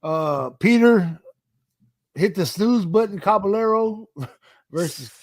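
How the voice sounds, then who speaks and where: A man's voice: high voice, animated, no echo. A middle-aged man, co-hosting a casual podcast, swearing and laughing a lot. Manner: laughs often, swears, drawn-out. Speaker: podcast co-host. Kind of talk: casual chat.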